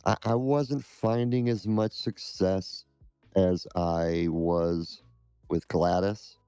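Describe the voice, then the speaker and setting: A man with a very low, mellow voice answers interview questions slowly and haltingly. His tone is smooth and resonant, and it is recorded dry and close. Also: steady tone, no echo, faint music behind. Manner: halting, measured. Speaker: scam-baiting streamer, guest.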